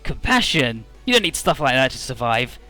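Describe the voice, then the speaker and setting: A man's voice: medium pitch, very animated, normal speed, pushed and bright, faint music behind. A man reading aloud the lines of a stubborn, power-hungry young male rival in a game, with a defiant tone. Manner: defiant, cocky read-aloud game dialogue.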